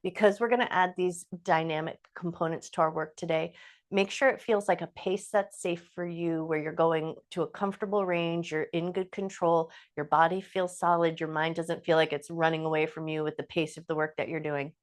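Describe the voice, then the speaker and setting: A woman teaching a yoga class, giving calm, encouraging movement cues with slow, drawn-out phrases. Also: low voice. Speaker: yoga instructor. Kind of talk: guided yoga class instruction.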